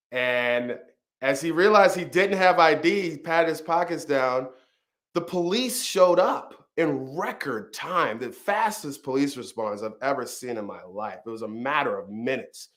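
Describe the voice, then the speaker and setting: A male comedian tells a true story in a mid-pitched, ordinary voice. He paces it with a storyteller's sense of timing. He briefly acts out the people he quotes. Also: animated, measured pace, fairly bright tone. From Arizona. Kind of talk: told personal story, then casual interview chat.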